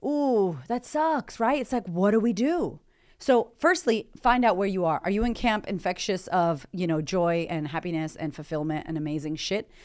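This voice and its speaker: A woman hosting a podcast, giving an energetic, profane motivational talk. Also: medium pitch, moderate pace. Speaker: podcast host. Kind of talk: motivational monologue.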